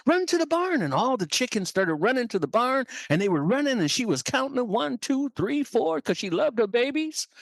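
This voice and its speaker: A man's voice: high-pitched, creaky, no echo, clean studio sound. A man, a leadership coach, telling a dramatic story on a podcast.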